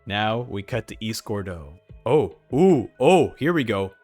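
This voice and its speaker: Excitable man reacting to a manga. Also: fairly low pitch, measured pace, faint music behind. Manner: excitable, reads dialogue aloud, frequent laughs. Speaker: reaction video host. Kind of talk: casual commentary while reading manga.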